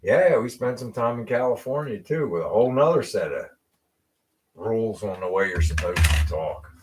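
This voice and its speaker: A middle-aged man from Western Pennsylvania hosts a casual live car show. His voice sits a bit low, and he chats easily, laughs a lot and restarts his sentences. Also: normal speed, a little hiss or hum. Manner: relaxed, laughs often, repeats words when starting. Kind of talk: casual chat.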